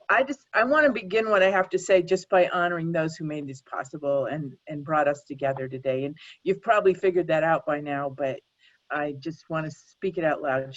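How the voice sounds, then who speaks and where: A woman thanking the organizers of a reunion on a video call, warm and grateful. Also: on the low side, no echo. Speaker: reunion guest. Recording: dull dry video call audio.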